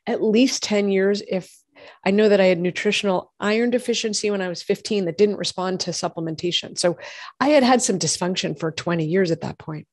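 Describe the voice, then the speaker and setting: A woman, a doctor and host telling her own health story in lively conversation, acting out what others said. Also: mid-range voice, brisk, no echo, studio quality. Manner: animated storytelling, acts out quoted voices. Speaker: functional medicine gynecologist and podcast host.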